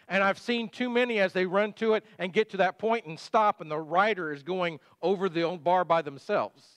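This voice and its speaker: A man's voice: high voice, a bit bright, no echo. A middle-aged male pastor giving a conversational sermon full of rhetorical questions.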